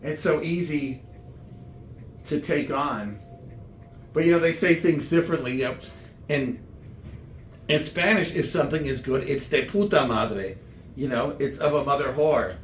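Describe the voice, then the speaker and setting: A man telling comic stories in meandering, halting chat full of restarts. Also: fairly high pitch, reverberant, slight background noise. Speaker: comedian. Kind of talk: rambling comedic chat.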